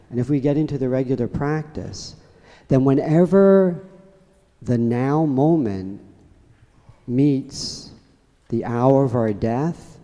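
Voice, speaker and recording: A man's voice: mid-range voice, warm tone. A man, a priest, giving a sermon with a humorous story in a church. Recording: church reverb.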